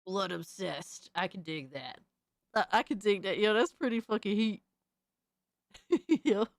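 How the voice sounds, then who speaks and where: A young woman streamer giving excitable, profane live reaction commentary, full of hype shouts and swearing. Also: medium pitch, measured pace, no room sound, clean studio sound. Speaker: streamer host.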